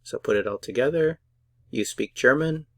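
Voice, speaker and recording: A man's voice: medium pitch, moderate pace, no echo. A man teaching a beginner German lesson, patiently drilling words syllable by syllable. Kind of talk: slow, careful pronunciation lesson.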